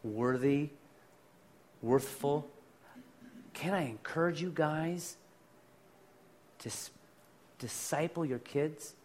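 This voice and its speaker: A pastor telling personal stories in a conversational sermon, swinging between loud bursts and quiet asides. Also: male voice, a little high, takes it slowly, pauses often, slight background noise.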